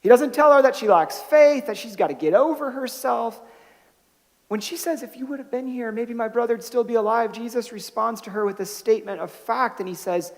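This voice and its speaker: A man's voice: sits high, normal speed, gravelly. A man preaching a sermon as pastor, telling stories in a conversational way with restarts and rising to emphatic bursts on key points. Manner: conversational storytelling with frequent restarts. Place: church sanctuary. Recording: long hall reverb.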